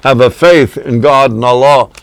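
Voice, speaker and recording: A man's voice: medium pitch, moderate pace, clean tone, no room sound, low-quality recording. A man who is a poet and musician, reciting a poem, then giving earnest, rambling answers as a guest who talks over the host. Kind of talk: reciting a poem, then casual interview talk.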